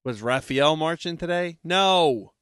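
A man's voice: on the high side, animated, a little slow, fairly bright tone, clean tone, no room sound. Dry-joking podcast co-host, man. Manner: dry, joking, trails off with "just saying". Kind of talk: casual chat.

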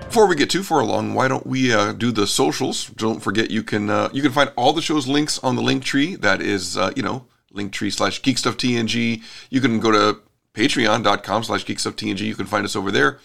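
A man hosting a casual podcast, telling stories in a relaxed, rambling way. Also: lowish voice, a little fast, creaky, soft background music. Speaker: podcast host.

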